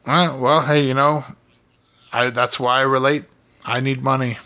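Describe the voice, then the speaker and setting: A man's voice: mid-range voice, fairly even intonation, unhurried, sharp tone. A man co-hosting a podcast over a remote call, laid-back and jokey, laughing often in casual chat. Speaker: podcast co-host. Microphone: remote call mic.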